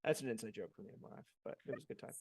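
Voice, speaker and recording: A man's voice: lowish voice, huge pitch swings, racing, a little mellow, no room sound, clean studio sound. A man in his thirties co-hosting a podcast, chatting casually, joking around and swearing offhand. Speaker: podcast co-host. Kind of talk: casual chat.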